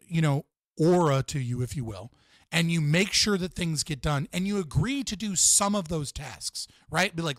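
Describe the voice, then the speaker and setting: A man's voice: high-pitched, no echo. Blunt, swearing man with a dry sound. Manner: blunt, profane, rambling. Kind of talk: casual podcast talk.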